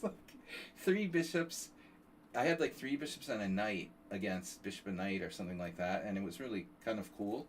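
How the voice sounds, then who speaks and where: A man's voice: lowish voice, far from the mic, a little hiss or hum. A man coaching chess on a live stream, talking casually, wandering into side stories and swearing offhand. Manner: rambling, digressive, swears casually.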